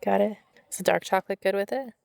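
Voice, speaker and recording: A woman's voice: mid-range voice, fast, gravelly, darkish tone, no room sound, rough recording. A young woman, a travel vlogger, chatting casually and upbeat at a campsite, often laughing. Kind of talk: casual chat.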